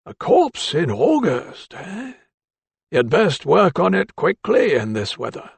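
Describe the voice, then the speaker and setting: A man voicing an elderly anatomist in an audiobook, gruff and blustering, with a raised, slow, drawn-out delivery. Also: on the high side, wildly swooping pitch, no echo, pitched above the performer's own voice, heavily acted.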